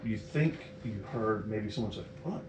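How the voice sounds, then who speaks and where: A man at a middle pitch narrating as game master, relaxed and rambling as he describes rooms and doors. His voice carries a roomy echo with faint noise underneath. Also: normal speed.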